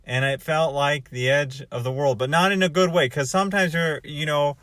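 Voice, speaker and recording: A man's voice: a little high, steady tone, moderate pace, a bit bright, dry recording. A man from North America giving a casual, rambling vlog monologue, thinking aloud and often restarting his sentences. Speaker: vlogger.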